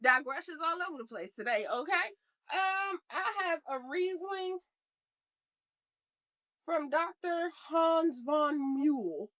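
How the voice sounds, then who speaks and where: A woman's voice: sits high, lively intonation, slow pace, pushed and bright. A woman co-hosting a podcast in casual chat, rambling and playful, laughing often. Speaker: podcast co-host.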